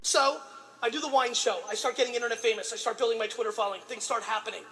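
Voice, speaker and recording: A man's voice: extremely high pitch, steady tone, racing. A man giving a motivational speech, pleading and ranting with heavy profanity and emphatic repetition. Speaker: motivational speaker. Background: background music.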